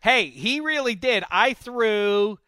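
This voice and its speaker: A man's voice: high voice, expressive, slow pace, bright, forceful tone, clean tone, no room sound. A man hosting a sports radio show in casual chat, joking and bantering with his co-hosts.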